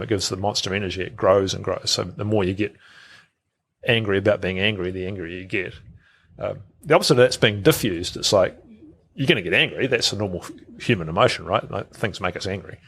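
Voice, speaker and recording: A middle-aged man appears as a guest on a podcast, where he works as a health researcher. His voice is low-pitched, a bit bright and slightly rough, and he talks casually, repeating words and acting out thoughts he quotes.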